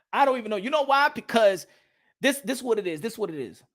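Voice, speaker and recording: A man's voice: very high voice, expressive, brisk. A man from the Caribbean hosting a boxing channel, ranting bluntly and repetitively, swearing and slipping Spanish phrases into his English. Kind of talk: opinionated rant to camera.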